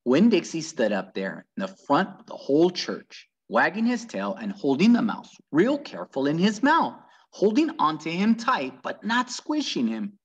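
A man reading a children's book aloud with very lively, animated storytelling. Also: fairly high pitch, moderate pace, few pauses, breathy edge. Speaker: reader.

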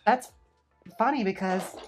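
A drag performer hosting a casual chat, playful and joking, laughing often. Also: female voice, mid-range voice, a little slow, husky, faint music behind. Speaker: drag performer, channel host.

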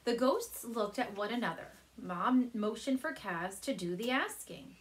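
A woman teacher reading a children's chapter book aloud from her couch at home, speaking gently and warmly to young listeners. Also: fairly high pitch, a little slow, hardly any pauses. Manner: gentle, animated storyteller addressing kids.

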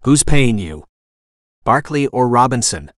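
A man voicing a tough retired male navy SEAL who gives calm, clipped orders. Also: medium pitch, unhurried, no echo, clean studio sound.

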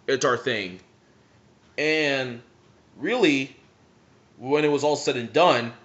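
A man's voice: medium pitch, a bit bright. Rambling young man telling anime stories. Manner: rambling, many "like" fillers. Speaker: vlogger. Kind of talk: casual storytelling. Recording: slightly muffled lo-fi recording.

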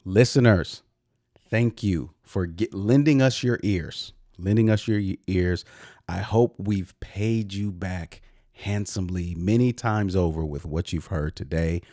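A man's voice: low voice, unhurried, mellow, dry recording, studio quality. A man hosting a podcast interview, talking in an effusive, casual way with many repeated words and restarts. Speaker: podcast host.

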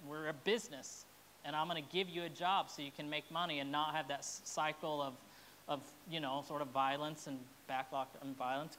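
A woman's voice: low voice, a bit bright, a little hiss or hum. Earnest, emotional woman pastor preaching. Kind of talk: sermon.

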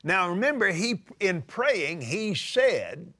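Animated older preacher, high lively voice. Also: male voice. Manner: emphatic, drawn-out scripture quotes, animated. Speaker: televangelist preacher. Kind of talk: sermon-style teaching.

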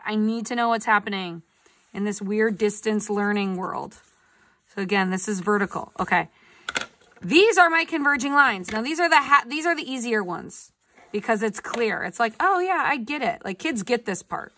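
A woman's voice: a little high, normal speed, a bit bright, a little hiss or hum. A woman art teacher giving a live online drawing lesson over a video call, chatty and upbeat, coaxing her students to answer. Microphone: computer mic on a video call.

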